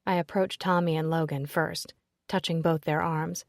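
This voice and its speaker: Low-voiced woman narrating a romance. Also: a little slow, dry recording, studio quality. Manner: expressive, emotional storytelling. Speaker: audiobook narrator. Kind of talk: first-person audiobook narration.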